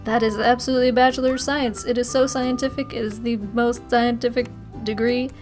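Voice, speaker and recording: A woman's voice: a little high, fairly even intonation, a little fast, music in the background. A young woman answering viewer questions in a casual vlog, rambling and laughing often. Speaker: YouTuber.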